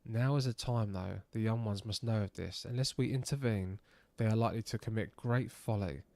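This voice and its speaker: A man voicing a weary older resistance leader in a game, reading in a solemn, measured way. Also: lowish voice, creaky, warm tone, no room sound. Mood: grave.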